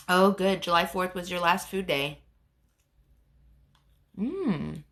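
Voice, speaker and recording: A woman with a head cold hosts a casual livestream, reading comments and chatting to viewers as a rambling storyteller with lots of fillers. Her voice is on the low side and a bit bright, and she takes it slowly, pausing often.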